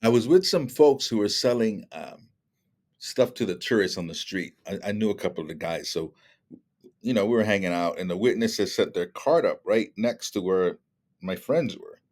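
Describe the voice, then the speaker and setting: A man's voice: fairly low pitch, moderate pace. A middle-aged man telling stories in a casual conversation, acting out the other people's lines in changing voices. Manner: animated, acts out dialogue with shifting voices. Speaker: guest speaker.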